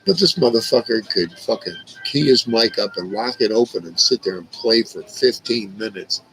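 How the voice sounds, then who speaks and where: Gravelly, profane man telling stories. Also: lowish voice, animated, moderate pace, background noise. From Indiana. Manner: profane, rambling, laughs at his own stories. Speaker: livestream host. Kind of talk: casual storytelling to a live chat. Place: at home on a livestream.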